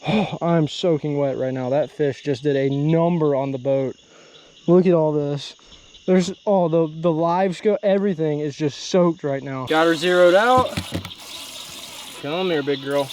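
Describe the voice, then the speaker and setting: Excitable young man fishing at night. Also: a little high, measured pace. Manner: excitable, exclaiming, breaks into whoops. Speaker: fishing vlogger. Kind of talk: excited outdoor vlog commentary. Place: pond at night, outdoors on a boat. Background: crickets and insects at night.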